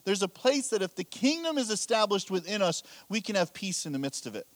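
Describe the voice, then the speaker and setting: Lively, high-pitched male pastor preaching. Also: a little fast, no room sound. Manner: candid, self-deprecating storytelling with laughs. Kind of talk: sermon.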